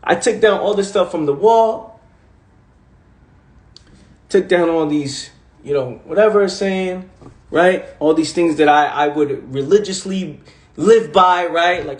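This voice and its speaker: A man's voice: a little high, unhurried, pauses often. A man in his twenties giving a casual live-stream monologue, intense and full of repeated rhetorical questions and swearing. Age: 20s. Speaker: motivational speaker on a live stream. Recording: echoey room.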